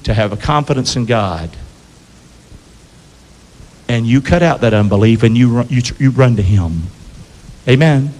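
A man preaching a sermon to his church in call-and-response style, asking the congregation to answer back and swinging between loud calls and low asides. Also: in a large hall, low-quality recording. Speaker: pastor. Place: church sanctuary.

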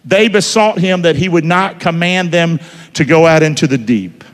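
A man preaching a sermon in a church, folksy, quizzing the congregation and swinging between loud and hushed. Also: fairly high pitch, moderate pace. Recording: reverberant church hall.

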